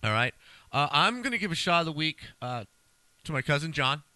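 A middle-aged man recounts stories to his co-hosts with easy emphasis. His voice is very bright and sharp. The sound is dry and close. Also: fairly high pitch, very animated, fairly quick, no room sound. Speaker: podcast co-host. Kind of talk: casual chat.

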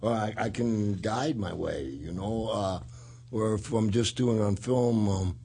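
A man's voice: on the low side, unhurried, gravelly, dark tone, slightly rough. A man hosting a casual talk show, telling rambling stories and laughing often. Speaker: podcast host and retired wrestler. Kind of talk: casual chat.

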